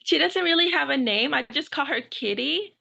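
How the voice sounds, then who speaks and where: A woman caller from Texas, hesitant and full of ums, laughing softly. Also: sits high, lively intonation, normal speed, creaky, lo-fi sound. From Houston, Texas.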